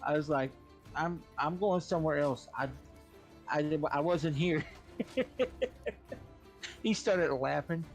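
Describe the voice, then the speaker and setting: Over soft background music, a male game streamer talks slowly and pauses often as he chats casually. He tells stories in an animated way, swears freely, and mimics other people in high voices.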